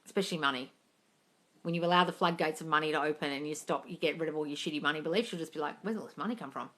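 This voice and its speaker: A woman runs a casual live Q&A as a coach, her voice bright and forward. She answers bluntly, swears freely and calls her viewers darling. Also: deep voice, rapid-fire.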